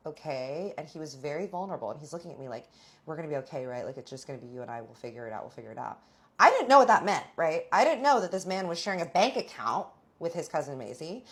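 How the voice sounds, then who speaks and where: Low-voiced woman telling a story. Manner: chatty, animated retelling with quoted voices. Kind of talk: casual storytime vlog.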